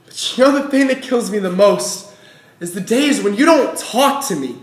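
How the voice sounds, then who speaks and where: A man's voice: high voice, animated, normal speed. A man performing spoken word poetry with a rhythmic, rhyming delivery. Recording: roomy echo.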